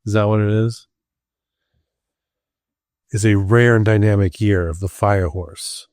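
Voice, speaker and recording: Low-voiced man, strained podcast ramble. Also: steady tone, a little slow, darkish tone, no room sound, clean studio sound. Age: adult with school-age kids. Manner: rambling, many ums and restarts. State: strained, tired voice. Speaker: podcast host. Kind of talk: casual solo podcast chat.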